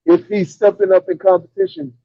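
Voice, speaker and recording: Emphatic man, slightly higher voice. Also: very animated, a little fast, vocal fry, warm tone, breathy edge, dry recording. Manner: emphatic, dismissive critique. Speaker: podcast co-host. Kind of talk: casual boxing chat. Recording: dull dry lo-fi audio.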